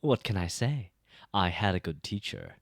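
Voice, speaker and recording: A man's voice: low-pitched, wildly swooping pitch, moderate pace, creaky, no echo, clean studio sound, exaggerated voice. A man doing a cocky, wisecracking young guy. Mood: teasing. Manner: teasing, wisecracking.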